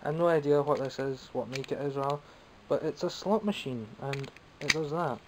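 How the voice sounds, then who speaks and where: Speaking briskly at a medium pitch, this Scottish toy-collector vlogger gives a relaxed show-and-tell, making jokes at his own expense about his toy purchases. There's noise in the background.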